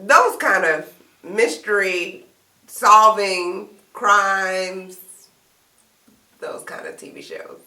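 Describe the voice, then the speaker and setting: A woman's voice: mid-range voice, very animated, drawn-out words, long pauses, sharp tone. A woman on a casual panel chat, telling stories about her family and laughing easily. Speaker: co-host. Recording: echoey room, mic at a distance.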